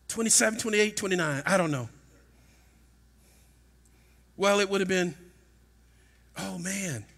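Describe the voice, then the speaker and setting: A middle-aged man preaching a sermon in a church, telling a personal story and rising to shouts at its peaks. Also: sits high, slightly rough. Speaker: pastor. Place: church sanctuary.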